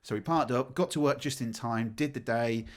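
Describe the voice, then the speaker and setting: A man, co-hosting a podcast, telling a story in casual chat with laughter and acted-out shouting. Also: mid-range voice, moderate pace. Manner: animated, laughs while telling, acts out shouting. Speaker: podcast co-host.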